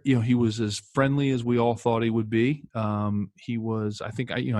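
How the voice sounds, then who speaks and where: A man's voice: mid-range voice, darkish tone, no echo, studio quality. A man in his fifties, a former pro football player, telling stories casually with many fillers and restarts. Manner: rambling, lots of fillers and restarts. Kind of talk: casual storytelling.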